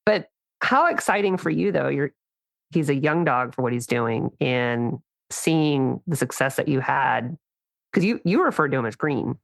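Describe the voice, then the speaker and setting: A woman co-hosts a dog training podcast with a strikingly deep, low voice. She sounds enthusiastic and reacts eagerly, and her voice is close and dry with no room sound. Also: lively intonation, unhurried, vocal fry, dry recording. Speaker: podcast co-host. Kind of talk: casual podcast chat.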